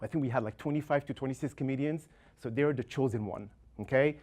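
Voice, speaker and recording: A man hosting a comedy show, warming up the crowd and introducing the comedians in a halting, casual way. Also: medium pitch. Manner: halting, casual, with fillers and restarts. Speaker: show host and warm-up emcee. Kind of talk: stand-up warm-up and introductions. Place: comedy show stage before a live audience.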